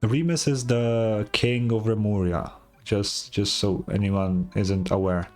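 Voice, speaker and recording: A man's voice: lowish voice, fairly even intonation, takes it slowly, hardly any pauses, a little mellow, soft background music. A man streaming a game, making crude, joking asides between voiced lines. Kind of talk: casual game commentary.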